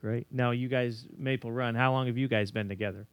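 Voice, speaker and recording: A man's voice: medium pitch, fairly even intonation, a little hiss or hum. A man guest-hosting a local radio music show, upbeat and encouraging as he interviews a band in the studio. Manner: upbeat, encouraging, quick to affirm. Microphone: studio microphone.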